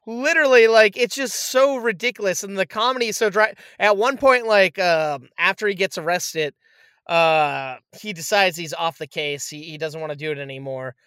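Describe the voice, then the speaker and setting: A man in casual chat, retelling a movie with lively acted-out quotes and frequent swearing. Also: high-pitched, moderate pace, clean tone, no room sound. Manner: animated storyteller, acts out quotes, swears freely. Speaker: podcast co-host reviewing a movie.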